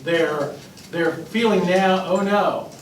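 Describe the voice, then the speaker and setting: A man, a pastor, teaching a Bible class in a conversational, animated way. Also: high-pitched, slow pace. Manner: conversational, animated, acts out voices and laughs. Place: church classroom. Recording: echoey room, voice from a distance, faint noise.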